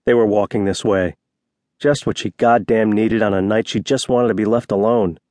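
A man narrating a romance novel as an audiobook reader, voicing each character with slight shifts of pitch. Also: fairly even intonation, moderate pace, a little mellow, dry recording. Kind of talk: scripted narration.

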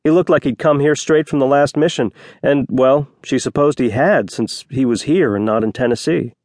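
A man narrating a romance novel as an audiobook reader, voicing each character with slight shifts of pitch. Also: normal speed, darkish tone, no room sound, studio quality. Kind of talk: scripted narration.

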